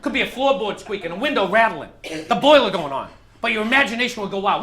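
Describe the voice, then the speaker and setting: High-voiced comedian in an echoey club. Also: male voice, fast. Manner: animated storytelling, acting out anxious inner voices. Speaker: stand-up comedian. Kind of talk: stand-up routine. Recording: live club recording, echoey room with audience laughter. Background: audience laughing.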